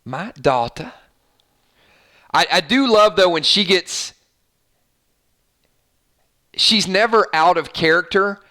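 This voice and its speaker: A man hosting an online show, giving casual commentary on a TV episode with animated delivery and frequent stammered restarts. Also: high-pitched, slow pace, pauses often. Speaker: YouTube show host.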